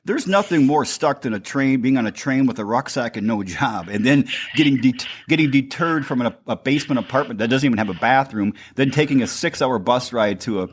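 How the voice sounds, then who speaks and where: A man's voice: medium pitch, lively intonation, a little fast, hardly any pauses. A man hosting a podcast, speaking earnestly and encouragingly straight to his listeners. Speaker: podcast host. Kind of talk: motivational commentary to the audience.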